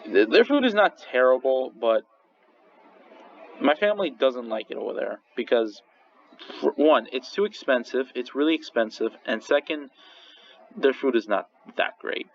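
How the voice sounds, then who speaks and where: A man's voice: mid-range voice, animated, normal speed. A young man casually ranking restaurants in a rambling, swearing vlog monologue full of restarts. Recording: slightly dull lo-fi recording with faint noise.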